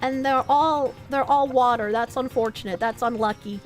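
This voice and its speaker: A young woman with a slightly high voice streams a game at a measured pace, faint music playing behind her. She's animated and chats casually, swearing, joking with her chat and laughing a lot.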